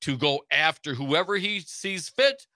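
A man's voice: a little high, animated, unhurried, pushed and bright, no echo. A man co-hosting a casual political talk radio show, laughing often and reading news items aloud. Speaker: radio co-host.

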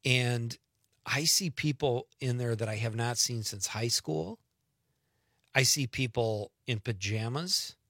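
Host: middle-aged guy, rambling banter, bright forceful voice, dry studio sound. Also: mid-range voice, dry recording. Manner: chatty, rambling, quick laughs. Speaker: radio show host. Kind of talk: casual radio banter. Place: radio studio.

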